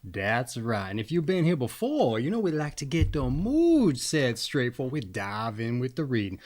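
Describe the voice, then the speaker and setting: A man's voice: medium pitch, huge pitch swings, normal speed, a little mellow. A man hosting a casual fairy-tale reading, easygoing and folksy in manner. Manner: folksy, easygoing, with fillers and chuckles. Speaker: storyteller host.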